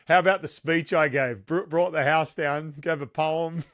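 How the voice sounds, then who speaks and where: A man's voice: on the high side, steady tone, moderate pace, fairly bright tone, no room sound, clean studio sound. A middle-aged man with an Australian accent, hosting a casual podcast chat in a playful, joking way that often breaks into laughter. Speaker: podcast host.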